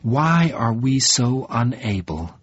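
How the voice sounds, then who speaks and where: A man voicing an anguished man who pleads in low, halting words. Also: sing-song, breathy edge, exaggerated voice. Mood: pleading. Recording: dull, lo-fi sound.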